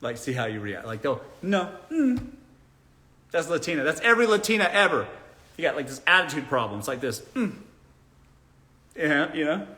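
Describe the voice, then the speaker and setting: Hosting a relaxed live Q&A stream from a ring-lit indoor room, a young man speaks in a slightly high, sing-song voice that's quick, pushed and bright. He reads out comments from viewers, gives blunt answers, and jokes around with frequent laughter.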